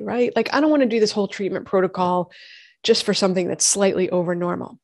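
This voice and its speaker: A woman, a doctor and host telling her own health story in lively conversation, acting out what others said. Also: medium pitch, fairly quick, dry recording. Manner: animated storytelling, acts out quoted voices. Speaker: functional medicine gynecologist and podcast host.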